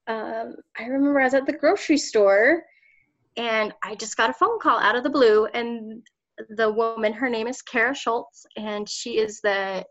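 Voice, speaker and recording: A woman's voice: fairly high pitch, moderate pace, a bit bright. A woman in her thirties, a political candidate telling her story in an interview, passionate and emotional, often laughing as she talks. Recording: slightly dull lo-fi audio.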